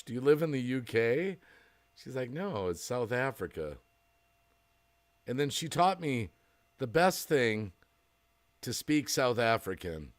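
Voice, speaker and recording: An American man talks casually on a home livestream. He rambles and laughs often, and his pitch rises and falls in a lively way as he chats with viewers. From United States. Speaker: livestream host. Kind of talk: casual chat reading viewer comments.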